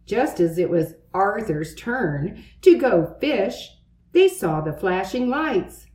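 A woman's voice: mid-range voice, slow pace, roomy sound. Woman reading a storybook aloud. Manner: expressive, lively. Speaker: narrator.

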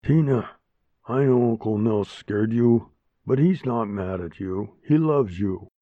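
A man's voice: lowish voice, takes it slowly, dry recording. Man doing a folksy old grandma. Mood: soothing. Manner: folksy, blunt. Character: tired, plain-spoken old grandmother. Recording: dry, tinny phone-like sound.

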